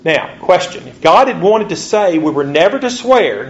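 Male preacher, fairly high voice, slow emphatic scripture reads, dull lo-fi recording. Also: sing-song. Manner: reads scripture slowly, rising pitch on rhetorical questions. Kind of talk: sermon. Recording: dull lo-fi recording with faint ambience.

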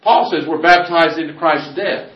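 Preacher, male, slightly high voice, emphatic sermon delivery, picked up from far off in an echoey room. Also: fairly even intonation. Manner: emphatic, varies volume widely, slows on scripture quotes. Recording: roomy, distant, dull recording.

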